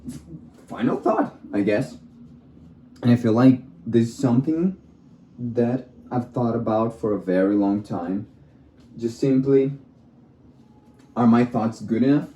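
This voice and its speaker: Dark-voiced man musing aloud in a roomy space. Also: mid-range voice, unhurried, pauses often, highs cut off. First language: not English. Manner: wandering, self-questioning, playful. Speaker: vlogger. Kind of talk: rambling solo musing. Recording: roomy echo.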